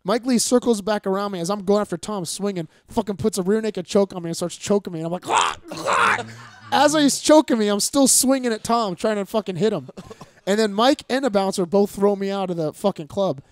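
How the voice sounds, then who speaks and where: A man in his thirties telling a profane story in casual chat, acting out the people in it and shouting some of their lines. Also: high voice, fairly quick, dry recording. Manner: animated, profane storyteller acting out quotes loudly. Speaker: fighter and podcast guest.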